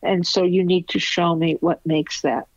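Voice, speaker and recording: A woman's voice: fairly low pitch, fairly even intonation, moderate pace, no echo, muffled recording. An older woman, a photo editor and teacher, telling stories in an interview in a blunt, candid way and laughing often. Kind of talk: interview storytelling.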